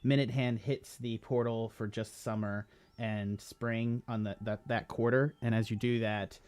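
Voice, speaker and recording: A man's voice: medium pitch, level tone, unhurried, a little mellow, clear, resonant tone. A man running a tabletop game as game master, narrating with frequent fillers and self-corrections.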